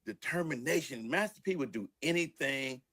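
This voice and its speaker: An older man, a record producer, telling stories from his early studio days in a relaxed interview, laughing and acting out what people said. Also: mid-range voice, normal speed. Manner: laid-back storyteller who laughs and acts out quotes. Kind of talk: storytelling interview.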